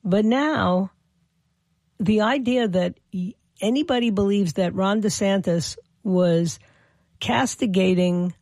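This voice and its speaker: In a gravelly, creaky voice of middle pitch and darkish tone, a political commentator delivers an opinion monologue. He stumbles over repeated words and restarts, then drives his points home with indignant emphasis. The recording is close and dry, with no room sound.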